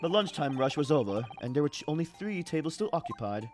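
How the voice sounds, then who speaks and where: A man's voice: a little high, big pitch swings, fast, over music. A man voicing a prim, formal British male head waiter in a video game, with a stiff butler-like accent.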